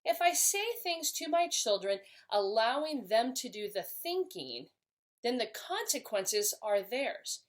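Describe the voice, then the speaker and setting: Woman explaining parenting tips to camera, earnest, a bit higher voice, restarts now and then. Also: very animated, unhurried. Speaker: parenting educator. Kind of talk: instructional talk to camera.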